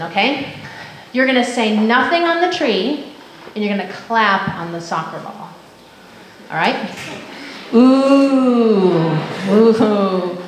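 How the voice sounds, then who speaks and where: A woman gives a parent workshop in a large school hall with a strong echo and clear background noise. She explains ideas between stretches of upbeat call-and-response drills, and her voice sits at a middle pitch. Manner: lively, leads call-and-response drills with counting and chanting. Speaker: workshop presenter. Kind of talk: parent education talk with group exercises.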